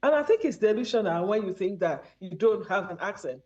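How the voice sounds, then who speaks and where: A woman's voice: mid-range voice, lively intonation, brisk, darkish tone. A woman from Nigeria with a Nigerian accent, a guest in a remote interview, speaking earnestly and measuredly with frequent ums. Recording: dull lo-fi audio.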